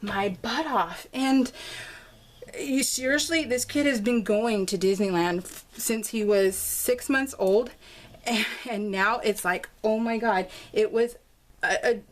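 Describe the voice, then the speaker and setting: A middle-aged scrapbooking vlogger shares a family story while working on a craft project in her home craft room, dogs nearby. Chatty and laughing, she restarts often and acts out quotes, speaking slowly in a slightly high voice over her craft process video.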